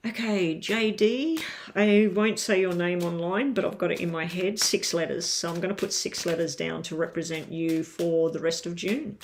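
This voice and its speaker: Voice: medium pitch, fairly even intonation, normal speed, slight background noise. A tarot reader doing a casual live-stream reading from home, chatting straight to viewers with lots of ums.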